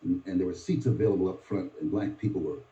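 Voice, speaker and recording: A man's voice: deep voice, fast talker, mellow. A man in his seventies from Miami, giving a motivational speech as dramatic storytelling. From Miami, USA. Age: 70s. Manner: dramatic storytelling with sweeping voice changes. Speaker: motivational speaker. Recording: distant echoey dull lo-fi recording.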